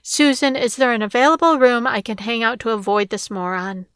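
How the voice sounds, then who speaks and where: A woman reading the lines of a sharp-tongued ex-wife with a curt, contemptuous manner, in a storybook reading. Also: on the high side, a little fast, clear, resonant tone, no room sound, studio quality, close to an everyday voice.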